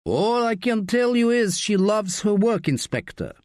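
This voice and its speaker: A man voicing a wiry, menacing bar owner with a clipped Eastern European accent and a deadpan manner, in an audiobook. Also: high-pitched, measured pace, dry recording, studio quality, voice pushed up. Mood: cool menace.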